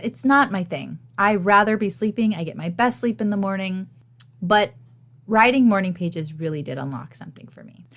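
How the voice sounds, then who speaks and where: Woman with a gravelly, worn voice. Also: mid-range voice. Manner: candid, chatty, self-deprecating. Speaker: podcast host and teaching artist. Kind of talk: solo podcast talk.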